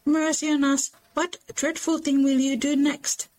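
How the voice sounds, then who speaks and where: A woman reading aloud as Jo, a lively warm-hearted young woman who exclaims her lines. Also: high-pitched, unhurried, pitched above the performer's own voice. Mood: excited.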